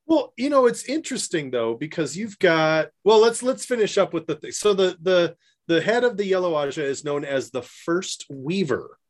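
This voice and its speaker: Lively high-voiced man on a podcast. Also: moderate pace. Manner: animated, laughs often, mocking asides in put-on voices. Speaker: podcast co-host. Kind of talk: casual podcast chat.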